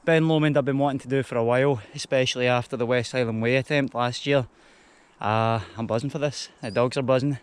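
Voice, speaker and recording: Clear and resonant, his medium-pitched voice stays steady and a little fast as he walks up a mountain trail talking casually to the camera. The young hiking vlogger speaks with a Scottish accent and has Spanish heritage, with English as his first language.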